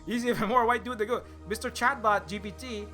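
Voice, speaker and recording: A man's voice: sits high, fairly even intonation, quick pace, sharp tone, soft background music. Sarcastic rambling male essayist. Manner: rambling, sarcastic, many fillers and restarts. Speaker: video essayist. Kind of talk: satirical commentary.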